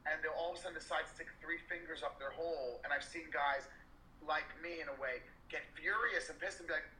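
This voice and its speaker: Man, candid podcast co-host; tense, forceful voice; echoey room. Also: a little high, a little fast, slight background noise. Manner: rambling, emphatic and profane, with many restarts and fillers. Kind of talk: candid casual chat.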